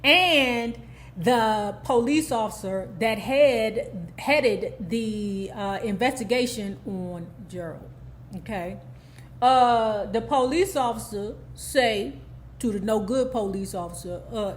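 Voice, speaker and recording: An animated woman gives a casual TV recap in a sassy voice. She speaks in a fairly high voice, tossing in "okay?" asides and acting out the characters' lines. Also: slow, slight background noise. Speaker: YouTube TV recap host.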